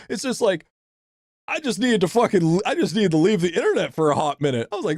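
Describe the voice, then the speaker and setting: On a clean studio recording with no echo, a young man speaks at a quick pace while streaming a game. His casual rant is full of swearing, repeated phrases, and stammered restarts as he reads chat, and his animated voice goes higher when he vents.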